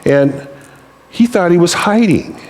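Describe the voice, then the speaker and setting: A man's voice: high-pitched, animated, slow, a little mellow, a little hiss or hum. A male pastor giving a conversational, humorous sermon and acting out little quotes.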